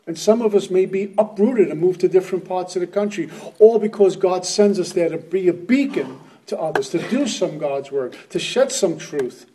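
A man's voice: high-pitched, fairly quick, mellow, recorded from a distance. A middle-aged man giving an earnest, plainspoken personal testimony as a speaker at a recovery meeting.

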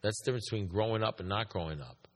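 In an echoey hall, a man with a lowish voice speaks rapid-fire to a recovery group. He tells a story with emphasis, repeats his points and asks the room questions.

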